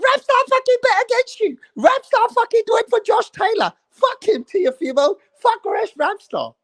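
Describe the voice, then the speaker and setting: A man mocking a shrill whiny old troll. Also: big pitch swings, normal speed, fairly bright tone, heavily acted. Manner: squealing, frantic denial.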